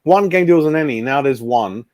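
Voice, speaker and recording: A man's voice: mid-range voice, lively intonation, moderate pace, a little mellow, dry recording. A man chatting casually as co-host of a football fan show, rambling and calling people mate. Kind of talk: casual chat.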